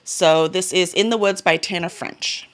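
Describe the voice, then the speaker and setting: In this casual reading-goals vlog, a book vlogger and publisher talks through the books on her list. Her voice sits on the low side, steady and measured in pace, while her delivery stays chatty and enthusiastic, full of fillers and little self-corrections.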